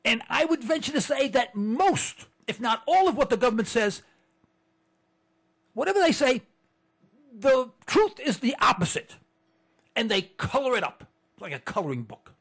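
A man's voice: very high-pitched, very animated, normal speed, pauses often, fairly bright tone. A man hosting a political talk show, ranting fervently and repeating phrases for emphasis. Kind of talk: impassioned political monologue. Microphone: computer setup.

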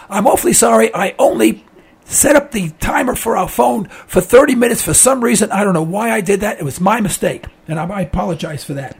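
A man hosting a call-in radio show, giving emphatic, opinionated commentary and addressing listeners as folks, his voice giving out as he clears his throat. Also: high voice, animated, a little fast.

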